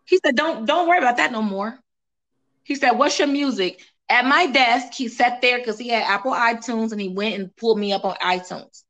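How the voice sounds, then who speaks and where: Singer guest, woman, bright higher voice, animated storyteller who acts out dialogue. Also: moderate pace. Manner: animated, quotes others, repeats phrases for emphasis. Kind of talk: casual interview, emotional storytelling.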